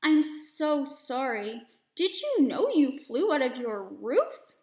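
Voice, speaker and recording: A woman voicing a frail, scared old woman of about ninety, who speaks slowly, stutters and apologizes tearfully. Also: sits high, fairly bright tone, reverberant, pitched above the performer's own voice, exaggerated voice.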